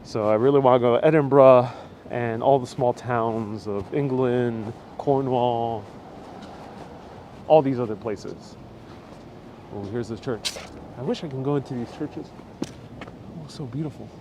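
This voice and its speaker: A man's voice: medium pitch, a little slow, long pauses, mellow, a little hiss or hum. A man hosting a live walking tour stream, chatting in a rambling way and reading out viewer comments as he walks. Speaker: host. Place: outdoors on a city street. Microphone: wireless lapel mic.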